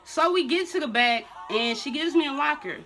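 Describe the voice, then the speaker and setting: A young adult woman vlogger telling a storytime in blunt, slangy, animated casual talk. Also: high-pitched, moderate pace, noisy background. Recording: music playing under the voice. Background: music.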